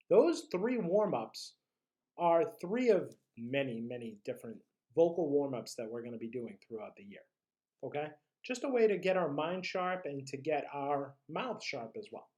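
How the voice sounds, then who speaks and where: A teacher leading a drama class through vocal warm-ups and tongue twisters. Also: medium pitch, very animated, normal speed.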